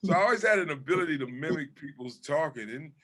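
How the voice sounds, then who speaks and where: A man from Southern California, a guest comedian chatting casually in an interview, telling animated stories and swearing freely. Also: a little high, quick pace.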